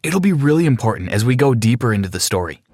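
A man's voice: medium pitch, very animated, quick pace, a little mellow, a little hiss or hum. A man narrating a dramatic first-person adventure story from a script.

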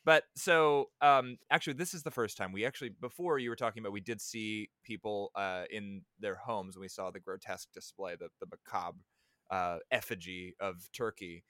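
A man's voice: on the low side, steady tone, moderate pace, pushed and bright, clean tone, no room sound, studio quality. A man co-hosting a casual movie review podcast, rambling and playfully analytical. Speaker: podcast co-host.

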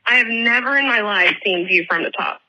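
A woman's voice: on the high side, a little fast, pushed and bright, a little hiss or hum, low-quality recording. A woman from Oklahoma leaving an emphatic, playful voicemail. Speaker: voicemail caller. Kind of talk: excited voicemail.

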